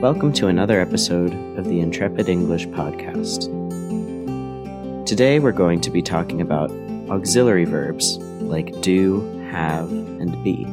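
Man, deep voice, English teacher, scripted podcast lesson, clear measured delivery. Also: over loud music.

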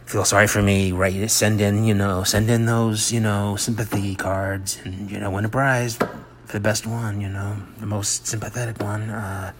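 A middle-aged man hosting a rambling personal monologue, halting and self-mocking, often dropping into soft whispered asides. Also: lowish voice, flat delivery, slight background noise. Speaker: monologue host.

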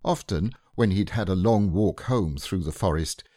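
A man narrating a classic children's book in a gentle, unhurried storytelling manner. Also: sits low, no echo, studio quality. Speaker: audiobook narrator.

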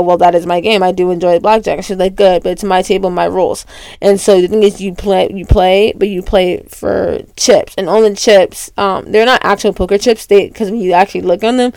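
A woman's voice: mid-range voice, no room sound. Chatty young woman, dry sound. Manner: chatty, lots of "like" fillers, excited retelling. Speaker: podcast host. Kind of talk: casual storytelling monologue.

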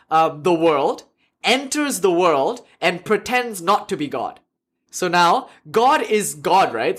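A man giving a classroom lecture, his voice sitting a little high. He talks with animated energy, laughing often and restarting his sentences as he goes. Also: husky. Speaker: lecturer on religion.

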